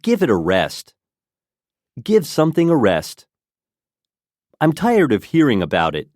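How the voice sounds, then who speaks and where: A man reading short dialogues for an English lesson, acting the lines clearly and without hurry. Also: medium pitch, wildly swooping pitch, measured pace, a little mellow, dry recording, clean studio sound.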